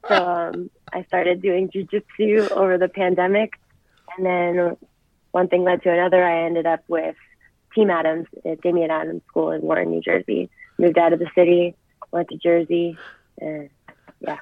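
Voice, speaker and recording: A woman's voice: lowish voice, level tone, moderate pace, creaky, dry recording. A young woman wrestler, chatting as an interview guest and telling stories in an upbeat way. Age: young adult. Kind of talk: casual interview chat. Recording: tinny phone-like line.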